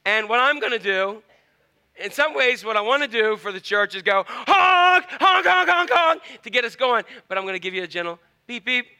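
A man's voice: high voice, quick pace, clean tone. A male pastor, preaching a playful, conversational sermon and acting out honks and quoted voices. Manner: animated, playful, acts out honking and quoted voices. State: tired.

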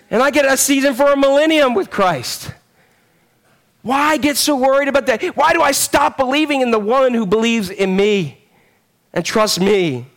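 Pastor in his 40s, high-pitched, loose conversational sermon delivery, animated storyteller. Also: normal speed. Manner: conversational, rambling with fillers and restarts.

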